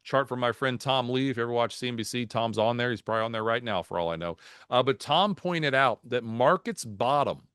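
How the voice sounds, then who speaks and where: A man presenting a market outlook over slides in a video webinar, folksy and animated, dropping jokes and anecdotes. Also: mid-range voice, fairly quick, clean tone, no room sound, clean studio sound. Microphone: video call.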